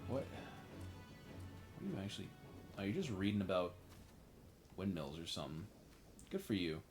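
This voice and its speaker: A man's voice: low-pitched, sing-song, normal speed, a little mellow. A man streaming a video game, making crude jokes and talking to himself and the characters. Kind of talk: casual gameplay commentary. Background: faint game music.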